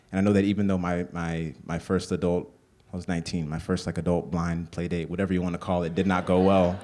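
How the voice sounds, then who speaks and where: Brief: deep male storyteller, stage anecdote, loose and conversational. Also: darkish tone. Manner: conversational, full of "like" fillers. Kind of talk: live comedic storytelling.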